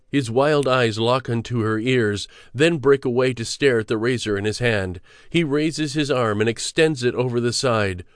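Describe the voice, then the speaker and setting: A man's voice: medium pitch, clear, resonant tone, no room sound. Man narrating an audiobook, dry close. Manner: measured, steady storytelling. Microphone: close studio mic.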